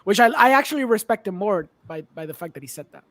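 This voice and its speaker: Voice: medium pitch, lively intonation, fast talker, fairly bright tone, a little hiss or hum. A podcast co-host, teasing and prodding the other host in casual movie chat. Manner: teasing, prodding, many short backchannels.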